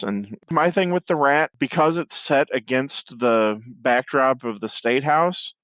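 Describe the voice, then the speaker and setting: A man's voice: mid-range voice, a bit bright, dry recording. A man hosting a movie podcast, chatting casually and thinking aloud about films. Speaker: podcast host. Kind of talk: casual chat.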